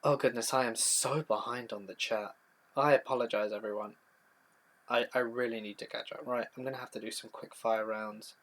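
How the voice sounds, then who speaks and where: A man's voice: medium pitch, fairly even intonation, moderate pace, fairly bright tone. Young guy on a live stream reading chat questions out and answering them, chatty, medium voice. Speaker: horror storytelling channel host.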